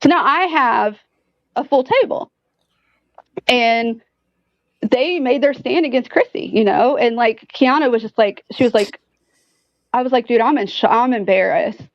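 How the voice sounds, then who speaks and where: A woman tells a long story in casual conversation, full of fillers and swearing. Her voice sits fairly high. The audio is dry and a little dull, like a lo-fi recording. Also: a little slow, long pauses, no echo. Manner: animated, profane storytelling with many "like"s. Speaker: guest. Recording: dull lo-fi sound.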